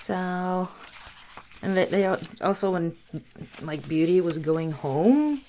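A woman's voice: fairly low pitch, animated, slow pace, warm tone, a little hiss or hum. A young woman retelling a bedtime story casually, rambling and sarcastic with lots of fillers.

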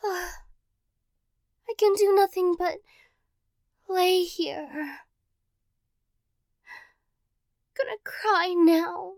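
A woman's voice: high voice, slow, vocal fry, darkish tone, dry recording, studio quality, full character voice. A woman playing a teasing, clingy girlfriend. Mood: mock-hurt. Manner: teasing, playfully dramatic. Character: playful clingy young girlfriend, teasing and affectionate. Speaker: role-play performer. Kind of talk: girlfriend role-play audio.

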